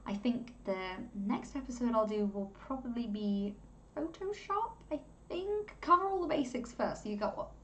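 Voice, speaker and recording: A woman's voice: on the high side, expressive, fairly quick, hardly any pauses, fairly bright tone, slight background noise. Rambling, chatty woman. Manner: rambling, chatty, laughing often. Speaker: content creator teaching video editing. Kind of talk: casual screen-recording tutorial.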